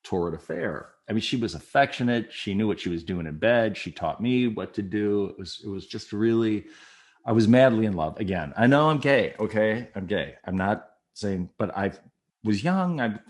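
Middle-aged guy spinning a funny personal story, lowish voice that swings all over, jokes on himself. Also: normal speed. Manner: animated, acts out voices of people in the story; candid and self-deprecating, with laughs. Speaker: storyteller guest. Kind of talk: personal anecdote told to a listener.

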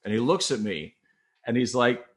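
Older man spinning animated anecdotes. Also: mid-range voice, moderate pace. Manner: animated, acts out the other people in his stories. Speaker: interview guest, former TV news photographer and reporter. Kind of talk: casual anecdotal storytelling.

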